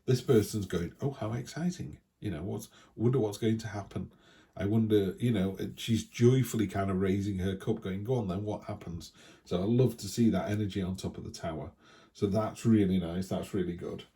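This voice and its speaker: Casual male tarot reader, low warm voice, rambling and friendly restarts. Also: fairly even intonation, brisk. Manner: chatty, thinking aloud, with many restarts.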